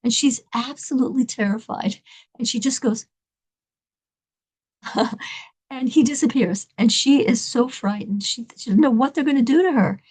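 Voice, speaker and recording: A woman telling an inspirational story in an animated, dramatic way, laughing between lines. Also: fairly high pitch, brisk, husky.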